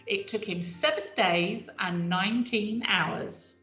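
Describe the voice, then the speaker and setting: A woman's voice: medium pitch, takes it slowly, roomy sound, highs cut off, music in the background. A woman co-hosting a casual chat show, chatty and reading out facts from history. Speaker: co-host.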